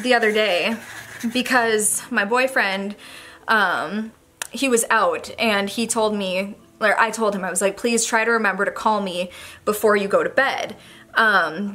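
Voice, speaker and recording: A woman's voice: mid-range voice, bright, forceful tone. A young woman speaking candidly to a camera on a tripod in her bedroom, rambling through an emotional confession. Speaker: vlogger. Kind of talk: personal talk to camera.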